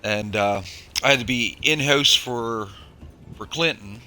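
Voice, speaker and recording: A man's voice: medium pitch, a little slow, pushed and bright. A man, a former chef, telling rambling stories in casual chat, with profanity and acted-out quotes.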